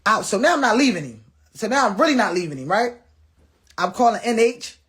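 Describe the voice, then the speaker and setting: This man's husky voice sits high, with a fairly bright tone and a brisk, very animated delivery. He tells viewers a personal story bluntly and profanely, acting out what people said. He often repeats and restarts his words.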